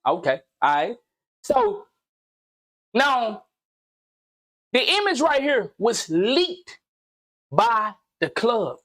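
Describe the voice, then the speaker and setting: A man's voice: extremely high pitch, very animated, very slow, long pauses, fairly bright tone. A man hosting his own commentary video, talking casually and animatedly in slang, repeating himself and firing off pointed questions. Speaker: commentary channel host.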